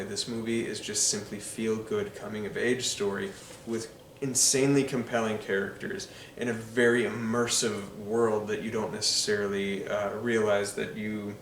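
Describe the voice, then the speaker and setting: A man's voice: fairly low pitch, echoey room, distant mic, slight background noise. A man giving enthusiastic, casual movie commentary, full of ums and uhs. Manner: enthusiastic, filler-heavy with frequent ums and uhs. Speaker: film reviewer.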